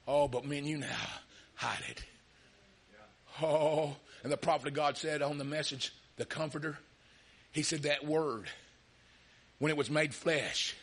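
A man preaching a sermon with passion, often shouting and calling out hallelujah and amen. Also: on the high side, breathy edge.

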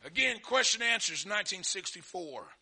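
A middle-aged man preaching a sermon, telling folksy stories and swinging from quiet asides to shouted fervor. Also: high-pitched, big pitch swings, moderate pace, vocal fry, breathy edge.

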